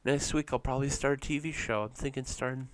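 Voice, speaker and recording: A man with a mid-range, steady voice co-hosts a podcast at a quick pace. He chats casually and rambles, with frequent fillers and restarts, and no room sound is audible.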